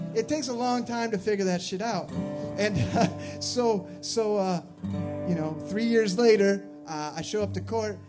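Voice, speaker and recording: A man, a singer-songwriter, telling a long, rambling, profane and self-mocking story to a live audience before his song. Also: sits high. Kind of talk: live storytelling between songs. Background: guitar playing.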